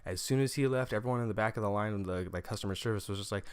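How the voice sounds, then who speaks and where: A man's voice: on the low side, very fast, hardly any pauses, smooth, no echo. A young man venting in a casual, profane rant about a frustrating customer, full of fillers and restarts. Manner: heated, profane storytelling with many fillers. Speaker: vlogger.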